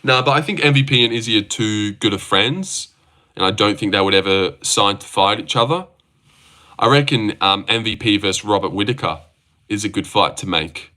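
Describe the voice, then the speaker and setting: A man's voice: lowish voice, moderate pace, pushed and bright. A young man hosting a casual livestream, reading viewer comments aloud and bantering back in a joking way. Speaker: livestream host. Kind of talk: casual live-stream chat.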